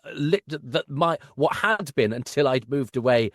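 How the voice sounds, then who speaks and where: A man's voice: mid-range voice, animated, normal speed, dry recording, studio quality. A middle-aged man, an actor and podcast guest, telling anecdotes in a wry, self-deprecating way.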